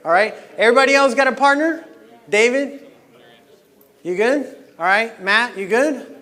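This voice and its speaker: A man leading a live motivational workshop on a microphone, energetic and coaxing, shouting encouragement at the group. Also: very high-pitched, normal speed. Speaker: workshop leader. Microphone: handheld microphone. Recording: long hall reverb.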